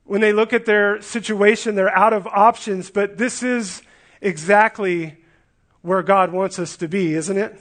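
High-pitched male preacher, earnest and emphatic, expository sermon. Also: fairly bright tone. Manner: earnest, emphatic, with frequent restarts and rhetorical questions.

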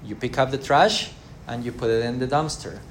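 Over a faint hiss or hum, a man with a mid-range voice teaches a church Bible class. His delivery is halting and filler-heavy, and he acts out everyday quotes and poses questions to the class.

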